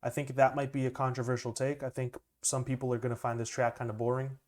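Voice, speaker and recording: A young man, a music producer, chatting casually and excitedly as he reacts to an album, laughing often. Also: mid-range voice, fast talker. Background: music playing faintly.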